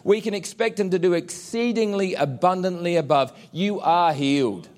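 A man preaching a sermon, declaring promises emphatically and pausing for effect. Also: high voice, a little mellow. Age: adult with children. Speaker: pastor.

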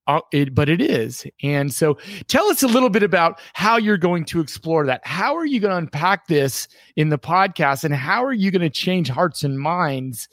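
A man hosting an interview, speaking in a measured, thoughtful way as he asks questions. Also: fairly high pitch, a bit bright, dry recording, studio quality. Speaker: host. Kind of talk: casual interview chat.

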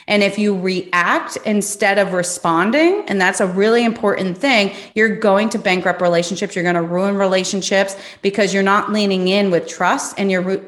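An animated woman hosts a business talk show in a casual tone. She often acts out her own past reactions as she tells a story, and her pitch sits in the middle of the usual range. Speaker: podcast host. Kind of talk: casual conversation.

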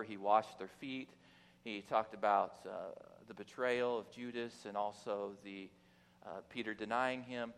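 A man giving a casual, joking sermon from the pulpit, talking in a conversational way with frequent restarts and fillers. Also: mid-range voice. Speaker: guest preacher. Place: church sanctuary. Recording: long reverb of a church hall.

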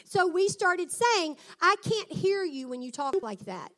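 A woman's voice: very high voice, sing-song, measured pace, fairly bright tone. A middle-aged woman and mother, talking earnestly and reflectively about raising her sons. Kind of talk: personal talk on parenting.

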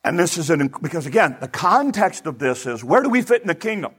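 A male pastor preaching a sermon in an animated way, asking his listeners rhetorical questions. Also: on the high side, brisk, slightly rough.

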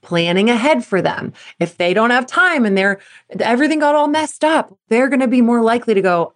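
A somewhat high, expressive woman's voice, a little fast. The speaker is a performance coach in her thirties hosting a podcast solo, talking candidly to sports parents while acting out lines from her younger days.

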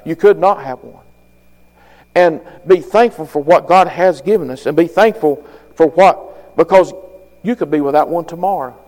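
A man delivers a fervent sermon in a high voice, folksy and plain-spoken. He swells louder and higher on the key phrases. The sound carries a long hall reverb. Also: normal speed. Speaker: preacher.

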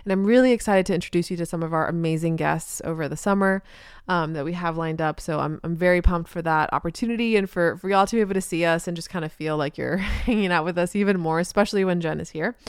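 A woman's voice: on the low side, fast talker, clean tone, no room sound. A woman hosting a casual solo podcast, chatty and upbeat with many ums, talking in a podcast studio furnished with a couch and rug. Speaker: podcast host, social media marketer.

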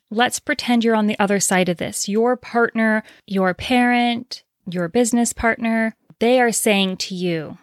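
A woman's voice: fairly high pitch, no echo, studio quality. A woman hosting a solo advice podcast, explaining her points directly and asking rhetorical questions. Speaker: podcast host.

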